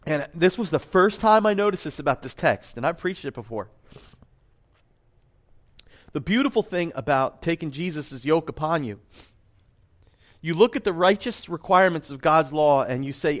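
A man's voice: a little high, expressive, normal speed. A middle-aged man preaching a sermon in a conversational, self-deprecating way, with personal asides. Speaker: pastor.

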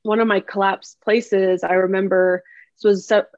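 A woman's voice: medium pitch, flat delivery, normal speed, a little mellow, dry recording, highs cut off. A woman guest on a podcast sharing her story in a heartfelt, emphatic way, laughing often. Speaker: podcast guest, empowerment coach.

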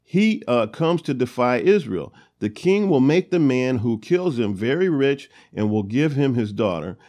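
A man's voice: mid-range voice, very animated, unhurried, a little mellow. A man hosting a Bible study, reading verses aloud and retelling them in a loose, conversational way with many fillers. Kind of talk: casual Bible teaching, reading and retelling scripture.

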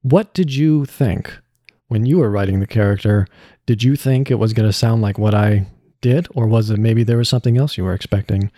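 A man's voice: lowish voice, brisk, mellow, no echo, studio quality. A man who voices a character on a podcast, talking it over in a reflective, rambling way with many restarts. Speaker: voice actor. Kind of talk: casual podcast chat.

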